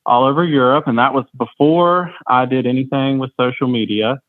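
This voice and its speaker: A man's voice: medium pitch, steady tone, moderate pace, no echo. A man in his thirties with a North Carolina Southern accent, chatting as a podcast guest in a friendly, rambling way with frequent restarts. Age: 30s. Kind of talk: casual interview chat. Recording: dry, tinny phone-like line.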